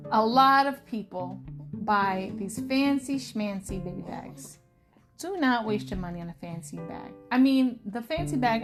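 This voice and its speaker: A woman in her thirties chatting casually to camera as a vlogger, telling stories in an animated way and acting out the people she quotes. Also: fairly high pitch. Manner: animated storytelling, acts out quoted friends. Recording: music playing behind her voice.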